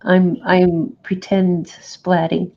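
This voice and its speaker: A woman's voice: fairly low pitch, level tone, extremely slow, dark tone, muffled recording. A woman co-hosting a crafting session, chatting casually and chuckling between remarks. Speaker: crafting co-host. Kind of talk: casual chat while crafting.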